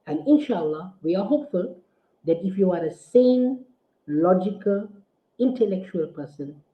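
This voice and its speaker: A man, an Islamic scholar, delivering a forceful, indignant rebuttal full of rhetorical questions. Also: sits high, animated, unhurried. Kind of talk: preaching rebuttal. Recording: tinny phone-like audio in an echoey room.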